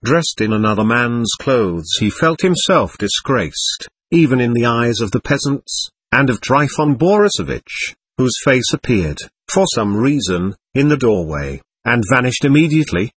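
A man narrating a novel as an audiobook in an expressive storytelling manner, close to the mic. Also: mid-range voice, normal speed, few pauses, slightly rough, no echo.

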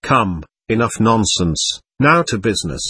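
A man's voice: on the low side, big pitch swings, unhurried, sharp tone, husky, dry recording, heavily acted. A man reading an audiobook and voicing an ironic, teasing young male seminarian.

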